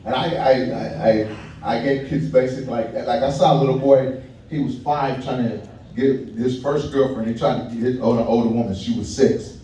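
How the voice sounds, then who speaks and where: Stand-up comic in an echoey room. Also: male voice, mid-range voice, steady tone, normal speed, dark tone, a little hiss or hum. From Kentucky, USA. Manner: loose, conversational, laughing at his own jokes, talks to the crowd. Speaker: stand-up comedian. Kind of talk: stand-up comedy set. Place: small comedy venue. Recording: echoey room, mic heard from far.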